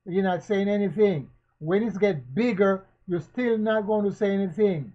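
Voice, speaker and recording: A man giving spoken commentary, asking questions again and again and preaching in a slow, emphatic way. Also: sits high. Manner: rhetorical, repetitive questioning. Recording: dull lo-fi recording.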